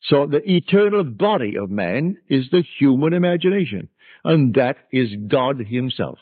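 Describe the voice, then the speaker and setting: A man's voice: mid-range voice, very animated, moderate pace, slightly rough, no room sound. A man giving an emphatic spiritual lecture, teaching and quoting scripture. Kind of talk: metaphysical lecture. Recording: tinny archival lecture recording.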